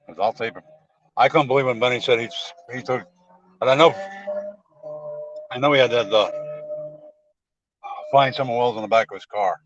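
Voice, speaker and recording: A man's voice: mid-range voice, moderate pace, pauses often, no room sound, highs cut off, soft background music. A man in a casual chat who talks bluntly and sarcastically, with emphasis.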